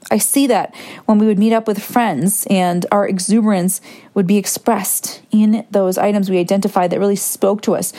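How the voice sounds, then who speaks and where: A woman hosting a reflective solo podcast, talking in a gentle, musing way and wandering into asides. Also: medium pitch. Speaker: podcast host.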